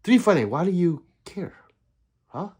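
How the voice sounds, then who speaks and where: Lively man chatting on a livestream. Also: high-pitched, a little slow, slightly rough. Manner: chatty, swings between loud and quiet asides. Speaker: livestream host. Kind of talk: casual chat reading viewer comments.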